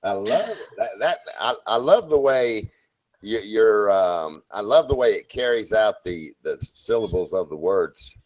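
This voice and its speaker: A man with a Southern American accent chatting casually on a video call, friendly and encouraging, with a relaxed, lazy drawl. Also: on the low side, unhurried, no room sound, rough recording. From Southern United States. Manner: friendly, encouraging, admits to drawling lazily when tired. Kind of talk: casual chat on an online video hangout.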